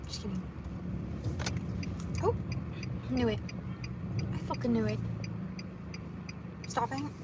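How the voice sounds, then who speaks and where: A woman's voice: on the high side, slow, pauses often. A young woman livestreaming casually from her car, swearing and muttering at other drivers as she looks for parking. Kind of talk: casual live stream chat while driving. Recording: loud car noise behind voice. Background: car and road noise.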